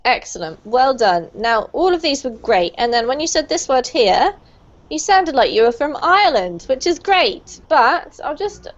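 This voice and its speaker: Over a muffled, lo-fi video call, a female teacher leads a group through English pronunciation, cheering her students on with praise. She has a high, sing-song voice and keeps a moderate pace.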